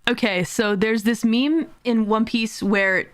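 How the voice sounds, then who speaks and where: A woman's voice: fairly high pitch, slow pace, dry recording. A woman streaming a game in a casual, exasperated way, laughing often and swearing.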